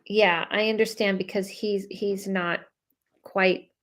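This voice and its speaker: A woman, giving a relaxed live psychic reading. She talks in a loose, chatty way, full of "like" and "you know", and addresses the people she reads for directly. Her voice sits in an ordinary middle range for a woman. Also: medium pitch, slow. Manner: chatty, many fillers, talks straight to viewers. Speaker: psychic medium. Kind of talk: live reading, casual chat.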